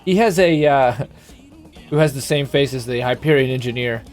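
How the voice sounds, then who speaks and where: A man's voice: mid-range voice, normal speed, a little mellow, faint music behind. A man casually commenting while streaming a video game, rambling and joking. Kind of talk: casual let's-play commentary.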